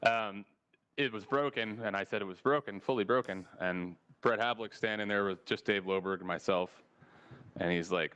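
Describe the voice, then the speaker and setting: A man hosting a casual podcast, telling stories in a profane, lively way and acting out the people in them. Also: fairly low pitch, normal speed, clear, resonant tone, highs cut off. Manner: profane, animated storyteller who acts out quoted people. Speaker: podcast host. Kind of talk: casual storytelling chat.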